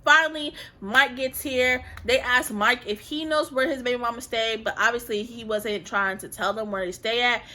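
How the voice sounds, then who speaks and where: A woman's voice: a little high, normal speed, few pauses, pushed and bright. A woman telling viewers a heated story about a fight in a slangy, emphatic storytime vlog. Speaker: vlogger.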